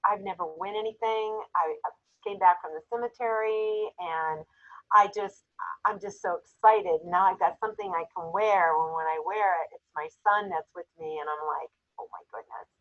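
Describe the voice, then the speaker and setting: A woman's voice: medium pitch, moderate pace, dull audio. A woman on a casual group call, telling a heartfelt story with emotion that sometimes brings her close to tears. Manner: emotional, storytelling, tearful at times. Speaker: jewelry sales team member.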